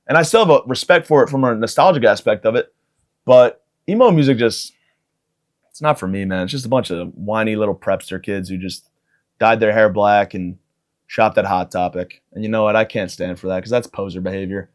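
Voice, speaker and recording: A man's voice: fairly low pitch, fairly quick. Profane rambling podcast man. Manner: profane, self-mocking, riffing. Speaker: podcast host. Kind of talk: rambling comedic monologue.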